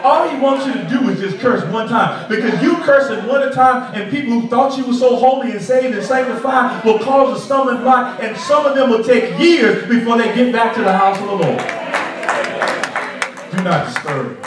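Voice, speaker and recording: A man's voice: extremely high pitch, expressive, moderate pace, crowd noise. A man preaching a sermon as pastor, pressing his congregation with repeated rhetorical questions. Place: large church sanctuary. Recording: echoey sanctuary from far off.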